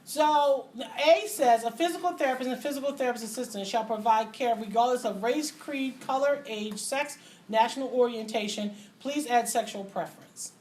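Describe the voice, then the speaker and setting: A middle-aged woman teaching a physical therapy class, lively and joking, acting out little voices and asides as she lectures. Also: fairly high pitch, normal speed, hardly any pauses. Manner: animated, acts out voices and asides, laughs often. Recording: faint background noise.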